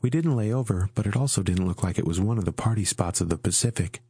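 A man's voice: on the low side, quick pace, dark tone, husky, dry recording, studio quality. A man voicing a polite young female airline stewardess in an audiobook, in a poised, courteous manner. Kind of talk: audiobook character voice.

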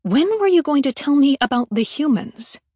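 A woman's voice: high-pitched, very animated, normal speed, mellow, no echo, studio quality, pitched above the performer's own voice. A woman playing a brash, sarcastic heroine. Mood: snappy. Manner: blunt, snappy and sarcastic. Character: brash, impatient young woman on a space station.

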